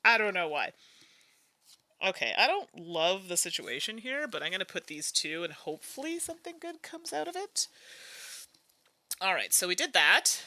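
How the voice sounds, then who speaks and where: Woman, board game host, very bright voice, animated pitch, chatty thinking aloud, dry close sound. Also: normal speed, long pauses, dry recording. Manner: chatty, muses aloud, hums and laughs between moves. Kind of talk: casual think-aloud playthrough.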